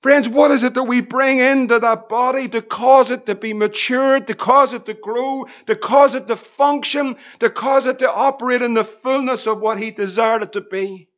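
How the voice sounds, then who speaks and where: A man's voice: very high-pitched, steady tone, moderate pace, few pauses, fairly bright tone. A middle-aged man, preaching a sermon, piling up rhetorical questions and telling anecdotes with a chuckle. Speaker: pastor. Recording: dull lo-fi recording.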